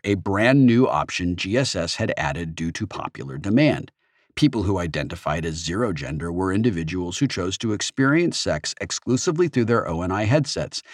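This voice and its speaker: Deep voiced guy reading an audiobook, really animated delivery, dry studio sound. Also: dry recording. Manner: expressive, first-person storytelling. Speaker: audiobook narrator. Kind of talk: scripted audiobook narration.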